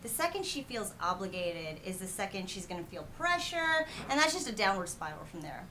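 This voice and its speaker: A woman's voice: medium pitch, big pitch swings, brisk, sharp tone, a little hiss or hum. A woman from New Jersey with a Jersey accent, a dating coach guest giving candid, blunt advice in a casual chat.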